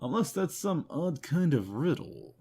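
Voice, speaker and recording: Husky, lively man reviewing games. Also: fairly high pitch, measured pace. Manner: wry, self-mocking asides. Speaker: host. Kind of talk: rapid game review roundup.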